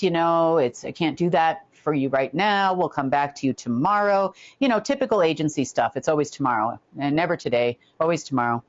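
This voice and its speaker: Low-voiced woman telling a rambling story. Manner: rambling, filler-heavy, slips into animated impressions. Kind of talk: casual storytelling. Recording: dull lo-fi recording.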